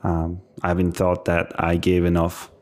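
A man's voice: deep voice, moderate pace. A man in his thirties, a podcast guest talking casually and joking about his gaming past. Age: 30s. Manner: relaxed, joking, speaks in short restarting phrases. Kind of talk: casual interview chat.

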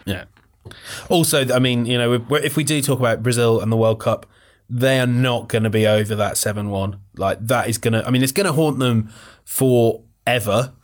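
A man's voice: medium pitch, normal speed. A man giving dry, punchy football takes on a podcast. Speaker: podcast panelist. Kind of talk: casual football chat.

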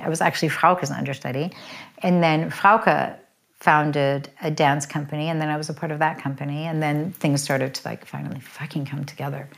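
A middle-aged woman telling her life story as an interview guest, chatty and quick, with lots of "like" fillers. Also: sits low, vocal fry. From United States. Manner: chatty, fast, full of "like" fillers. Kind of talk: candid personal storytelling.

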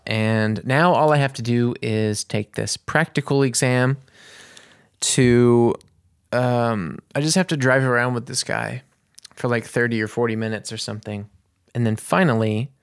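Man, mid-pitch, vlog storyteller, chatty and rambling, dry close recording. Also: creaky, smooth, no room sound. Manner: rambling, restarts and searches for words. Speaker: vlogger. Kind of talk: casual storytelling to camera.

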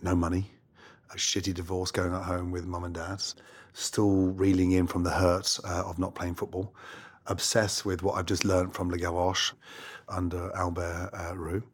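A middle-aged Scottish man, a chef and guest, telling stories in a brash, swearing, animated way. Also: deep voice, moderate pace, breathy edge. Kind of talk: casual interview.

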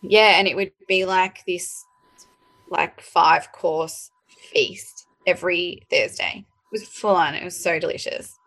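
A woman, a podcast guest, telling family stories in a relaxed chatty way with many fillers. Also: fairly low pitch, measured pace, creaky. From Australia. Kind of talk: casual chat.

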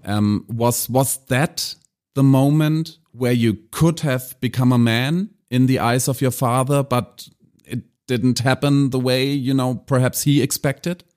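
A male interviewer asks a thoughtful, measured question. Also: medium pitch, steady tone, a little mellow.

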